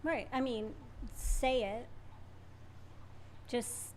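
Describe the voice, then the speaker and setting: A woman co-hosting a casual livestream Q&A, answering in an easygoing way with quick short replies. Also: on the high side, darkish tone, slight background noise. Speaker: co-host.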